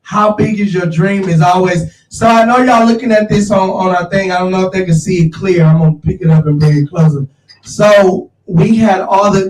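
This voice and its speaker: A man hosting a casual chat, talking in an animated, slangy way and calling his listeners y'all. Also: sits high, recorded from a distance. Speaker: show host. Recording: roomy, off-mic sound.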